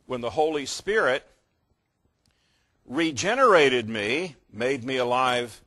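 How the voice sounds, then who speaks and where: A man's voice: medium pitch, takes it slowly, sharp tone. An older man preaching a teaching sermon, patiently explaining verb tenses and checking that listeners follow. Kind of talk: sermon teaching on Greek grammar.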